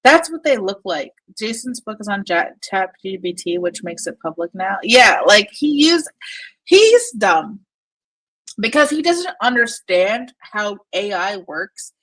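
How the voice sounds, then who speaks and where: A woman's voice: medium pitch, sing-song, a little slow, fairly bright tone, poor audio. A woman hosting casual commentary over a shared screen, mocking, swearing and laughing often. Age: adult with a young daughter. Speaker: commentary channel host.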